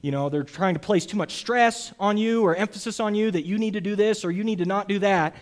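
A young man with a high voice preaches a sermon. His delivery is earnest and emphatic, and he often turns to the congregation with quick asides. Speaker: pastor.

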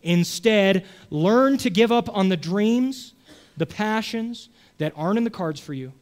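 A high-voiced man preaching a sermon. He talks conversationally and keeps checking in with his listeners. He swings between loud, emphatic stretches and quiet asides. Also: lively intonation, unhurried. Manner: conversational, checks in with "okay?" and "right?". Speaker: pastor.

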